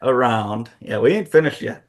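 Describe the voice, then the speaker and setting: A man hosting a casual fantasy-booking chat, telling the story in an animated way with frequent laughs. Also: mid-range voice, moderate pace. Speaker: host.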